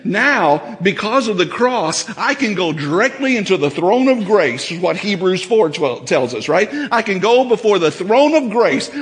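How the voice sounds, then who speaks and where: A man preaching a sermon in a church, folksy and fervent, building up to shouts. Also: high-pitched, big-room sound. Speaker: pastor. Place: church sanctuary.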